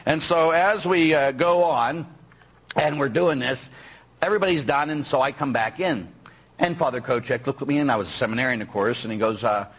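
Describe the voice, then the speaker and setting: A Catholic priest preaches a sermon built on chatty personal stories, often ending lines with "huh?" and acting out the voices of people in them. His medium-pitched voice is brisk and fairly bright, with a breathy edge.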